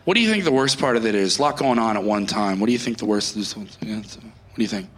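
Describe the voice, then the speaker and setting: A man playing a dumped young radio DJ who rants in bursts and keeps cracking between shouting and near-tears, in a comic monologue. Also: fairly low pitch, animated, fast, roomy sound, a little hiss or hum. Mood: ranting. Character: heartbroken young male rock radio DJ, ranting.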